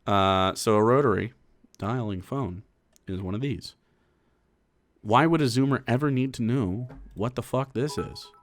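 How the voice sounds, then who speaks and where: This unhurried, medium-pitched man is streaming political commentary and reacting to a clip. He talks casually, rambling and restarting, with plenty of fillers and swearing.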